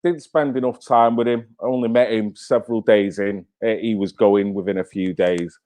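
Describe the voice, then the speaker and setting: A man's voice: lowish voice, fairly even intonation, moderate pace, dark tone. A man hosting his own channel, talking in a blunt, fired-up way with swearing and rhetorical questions. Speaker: channel host. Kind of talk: casual live-stream commentary.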